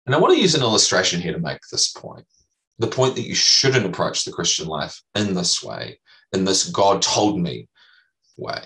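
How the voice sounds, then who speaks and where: A man's voice: low voice, big pitch swings, moderate pace, a bit bright, far from the mic, low-quality recording. A man preaching a sermon as pastor, teaching earnestly and emphatically, repeating key phrases.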